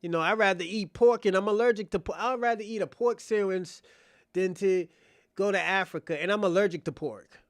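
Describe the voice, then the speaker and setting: High-voiced man, blunt and profane. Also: a little fast, no room sound, clean studio sound. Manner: blunt, profane, laughing asides. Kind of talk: casual commentary.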